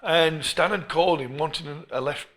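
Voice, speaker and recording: A middle-aged English man, a football coach being interviewed, who tells stories in an animated way and often restarts his phrases. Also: a little high, moderate pace. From England. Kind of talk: storytelling interview.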